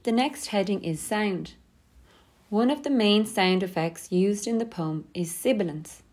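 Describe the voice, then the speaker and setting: Female teacher voice, mid pitch, steady scripted lesson read, measured.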